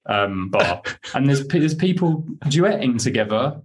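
A young man, a podcast guest, telling excited, rambling stories in casual chat with many fillers. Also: medium pitch, moderate pace, slight background noise.

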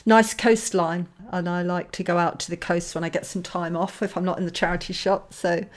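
A woman, a missionary guest telling a personal story in conversation, acting out dialogue with lively shifts. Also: on the low side, a little fast.

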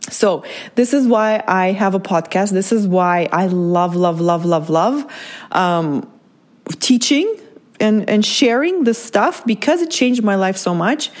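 A woman's voice: medium pitch, animated, unhurried. Candid woman podcaster talking it through. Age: adult parent. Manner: candid, repeats "right?" often, many restarts. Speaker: podcast host. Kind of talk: personal reflective monologue.

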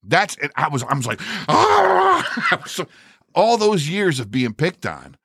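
A man's voice: a little high, moderate pace, breathy edge, no echo, studio quality. An older man, a podcast co-host, telling a story in casual, profane talk and acting out the voices. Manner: profane, animated storyteller who acts out voices.

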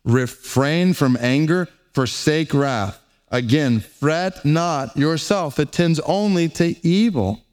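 A man preaching a sermon, earnest and emphatic, slowing down on key words and reading scripture aloud between his points. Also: on the high side, a little mellow. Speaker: pastor.

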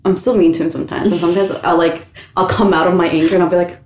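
A young woman hosting a casual chat with her roommates, an animated storyteller who laughs often and swears casually. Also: fairly low pitch, rapid-fire, a little hiss or hum. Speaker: podcast host. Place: shared apartment room. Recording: echoey room.

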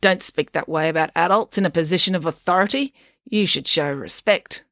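A grumpy old lady on crutches barks orders in a snappish, scolding way, as a woman storyteller puts her on. Her voice sits fairly low and is read close to the mic in a dry, unechoing space for a bedtime storybook. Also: fairly quick, fairly bright tone, no echo.

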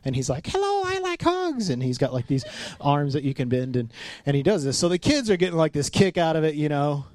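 A pastor in his thirties gives a casual, conversational sermon, speaking fast in a slightly high voice. He tells stories with animation and acts out the quotes, and the recording has no room sound.

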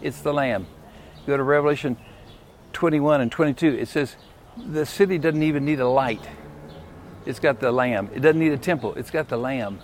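A man's voice: medium pitch, moderate pace, a little hiss or hum. A man preaching a sermon in a folksy, emphatic way, often putting questions to the congregation.

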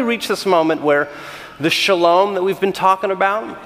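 A middle-aged man from California, a senior pastor giving a conversational sermon with animated, self-deprecating storytelling and frequent restarts. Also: high-pitched, normal speed, in a large hall.

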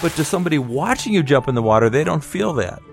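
A man's voice: on the high side, very animated, fast, gravelly, over music. A middle-aged man telling a childhood story in a conversational, wry, nostalgic way. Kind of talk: personal storytelling.

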